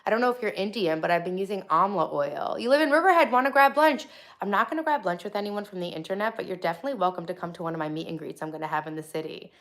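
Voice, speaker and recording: A woman in her thirties from Long Island with a softened Long Island accent, chatting casually on a livestream while reading and answering viewer comments, with frequent ums and restarts. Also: mid-range voice, expressive, very fast. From Long Island, New York. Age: 30s. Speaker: livestream host. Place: home studio.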